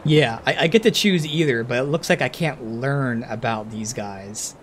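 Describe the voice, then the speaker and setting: A man streaming a game, commenting casually and thinking aloud with sudden bursts of excitement. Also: medium pitch, moderate pace, a little hiss or hum.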